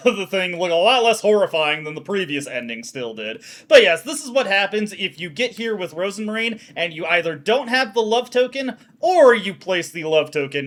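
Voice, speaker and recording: A woman hosting a let's play, giving casual, wry, self-deprecating commentary on the game. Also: on the low side.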